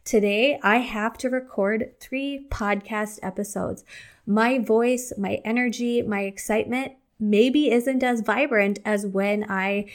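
A woman's voice: steady tone, slow. Chatty young woman hosting a podcast. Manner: candid, chatty, acts out her own outbursts in a higher voice. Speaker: podcast host. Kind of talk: casual solo podcast talk.

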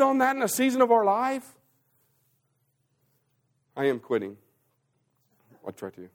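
A man preaching a sermon as pastor, swinging between loud, rising emphasis and hushed, slow passages. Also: very high voice, wildly swooping pitch.

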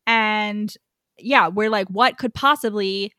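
A woman on a podcast retells a novel's plot in easy, casual chat. She acts out the characters in lively bits, sometimes leaping far up in pitch. Her voice sits dry and close, with no room sound around it. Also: slow pace, no room sound. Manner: animated, acts out characters' lines with big pitch jumps. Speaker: podcast co-host. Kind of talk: casual book recap chat.

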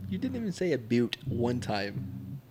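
A man co-hosting a casual podcast, teasing the others with quick banter. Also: mid-range voice, sing-song, loud music behind the voice. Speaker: podcast co-host.

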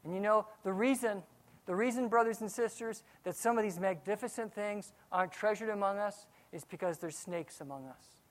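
A man, a pastor, preaching a sermon, swinging from quiet asides to loud outbursts. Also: high voice, normal speed.

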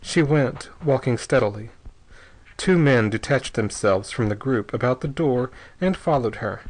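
A man reading an adventure novel aloud in a measured, steady narration. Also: mid-range voice, rough recording. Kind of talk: audiobook narration.

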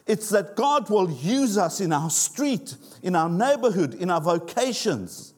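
A middle-aged man preaching a sermon as pastor in a church, earnest and halting, with fillers and repeated words. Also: high-pitched.

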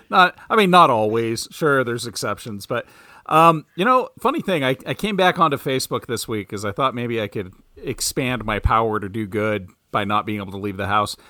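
A man's voice: medium pitch, animated, moderate pace, sharp tone, no room sound, studio quality. A man as a podcast guest in casual chat, wry and joking.

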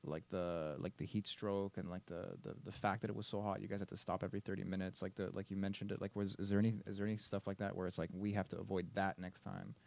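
A man's voice: sits low, little pitch movement, quick pace, creaky, hardly any pauses, a little mellow. A man chatting casually on a podcast, asking questions in loose, restarting phrases. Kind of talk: casual chat.

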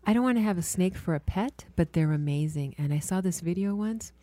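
Woman, lower voice, dry booth sound, lively storyteller who eases into hushed meditation cues. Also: fairly quick, dry recording. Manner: soft, lively storytelling with laughter; slips into hushed whispery guidance. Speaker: guest, energy healer. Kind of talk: casual chat, guided meditation.

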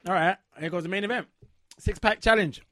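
A man's voice: sits high, a little fast, fairly bright tone, dry recording. A man hosting a wrestling chat show and interviewing a guest, eager and rambling with lots of fillers.

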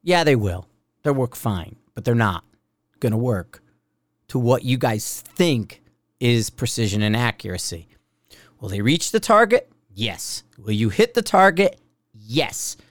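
A man's voice: medium pitch, sing-song, measured pace, dry recording. A man hosting a podcast as a shooting instructor, talking in a blunt, rambling, profane way. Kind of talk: casual rambling podcast monologue.

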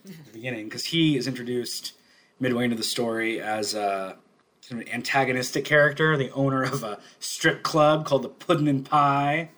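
Podcast co-host, male, animated, laughs a lot between points. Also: mid-range voice, brisk. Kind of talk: casual chat.

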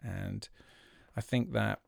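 A man's voice: on the low side, steady tone, vocal fry, dry recording. Guy musing on his podcast, lots of ums and restarts, dry close sound. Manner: thoughtful, halting, many fillers and restarts. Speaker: podcast host, magician. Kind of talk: reflective solo podcast talk.

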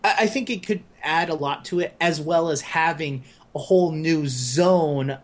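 A podcast co-host in casual gaming chat, speaking at a middling pitch. The talk is opinionated and long-winded, full of "uh" and restarts. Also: measured pace. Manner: opinionated, explains at length with fillers.

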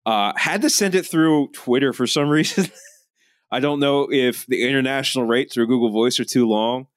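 A man's voice: medium pitch, normal speed, no echo, clean studio sound. A man hosting a podcast, chatting in a jokey, rambling way. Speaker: podcast host. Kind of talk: casual chat.

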